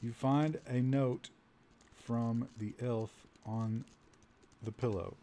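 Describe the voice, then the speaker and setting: Male streamer, reading game text aloud, amused live commentary, medium pitch. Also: fairly even intonation, slow pace, warm tone. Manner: amused, breaks into laughter at the story; addresses chat directly.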